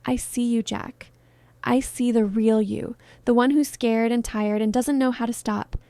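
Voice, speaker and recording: A woman reading as a heartbroken film star in her thirties, soft and pleading in a storybook retelling. The voice sits a little high with a mellow, warm tone. It is close and dry, with no room sound. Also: fairly even intonation, unhurried, smooth, no room sound.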